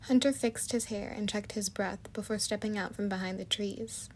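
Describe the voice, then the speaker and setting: A woman narrating a storybook chapter in a soft, even manner. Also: mid-range voice, moderate pace, slight background noise.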